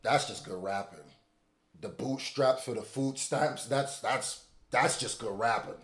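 A man hosting a reaction video, commenting casually with loud excited exclamations and repeating lines back. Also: medium pitch, measured pace, echoey room, faint music behind.

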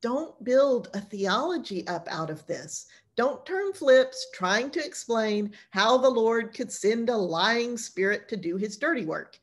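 A woman's voice: a little high, expressive, a little slow, few pauses. A woman pastor teaching an informal Bible class, retelling stories in a chatty, colloquial way.

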